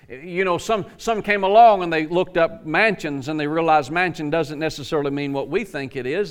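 A man's voice: on the high side, smooth. A man preaching a sermon in a folksy, repetitive way that builds to emphatic peaks. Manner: folksy, repeats words, builds to emphatic crescendos. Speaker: pastor.

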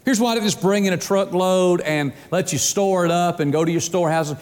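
A pastor preaches emphatically, stretching key words slowly and dropping low at phrase ends as he calls out to the congregation. His voice is a little mellow, and long hall reverb surrounds it.

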